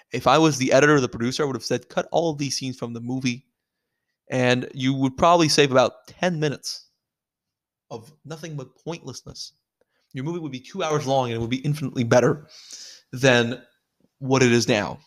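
A man giving a casual spoken film review, blunt and profane, restarting sentences and filling gaps with "um" and "like". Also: mid-range voice. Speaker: movie reviewer.

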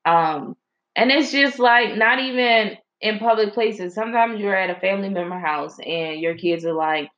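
A young woman telling a story to her viewers, chatty and animated, with slang and lots of fillers. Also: mid-range voice, normal speed. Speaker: mom vlogger. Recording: slightly dull lo-fi audio.

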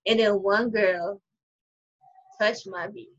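A young adult woman telling stories in a casual chat over a video call, animated, profane and quick to laugh. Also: mid-range voice. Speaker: conversation partner. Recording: muffled video-call audio.

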